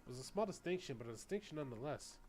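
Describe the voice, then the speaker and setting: Fast-talking man reading game lines. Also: medium pitch, animated, a little mellow, faint music behind. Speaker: streamer. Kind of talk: reading game dialogue aloud.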